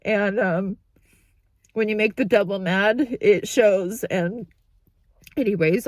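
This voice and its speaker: A woman vlogger giving an emotional update while crying, talking in halting, broken sentences into a handheld phone. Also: mid-range voice, no room sound. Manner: halting, restarting sentences, overwhelmed. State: tearful, crying. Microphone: phone held in hand.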